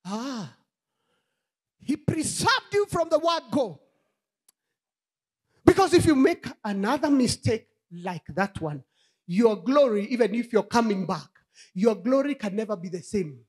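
A woman pastor delivers a fiery sermon in a high, wildly swooping voice. She lingers over her words at an unhurried pace, then bursts into shouts and drops back to low murmurs, punctuating her points with hallelujahs and rhetorical questions. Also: lively intonation, breathy edge. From Kenya. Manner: impassioned preaching, swinging between shouts and low murmurs.

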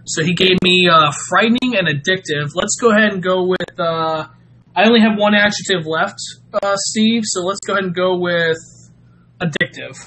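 A man's voice: sits high, moderate pace, sharp tone, slight background noise, rough recording. A man hosting a casual live stream, chatting with viewers and reading out Mad Libs, giggling and stammering often.

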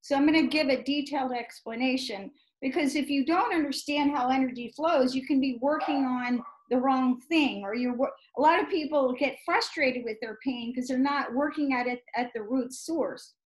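A woman's voice: sits high, moderate pace, hardly any pauses, poor audio. A woman hosting an interview as a medical intuitive healer, explaining step by step and often checking in with "right?". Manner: explanatory, keeps asking "right?".

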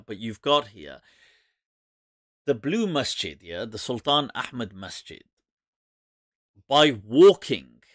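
A man, an Islamic scholar, giving casual commentary to camera in an animated, mocking way, laughing often. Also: medium pitch, no echo, studio quality.

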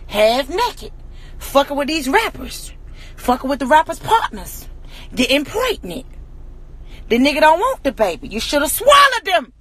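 High, bright, fiery woman ranting. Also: slight background noise. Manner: profane, confrontational, repetitive rhetorical questions. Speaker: social media personality. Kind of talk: angry rant to camera.

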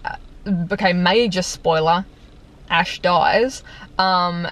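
A woman's voice: fairly low pitch, takes it slowly, a bit bright. A young woman casually reviewing a film, chatty and exasperated, filling her talk with "like" and laughing now and then. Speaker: video reviewer. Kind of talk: casual movie review rant. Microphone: compact camera on tripod.

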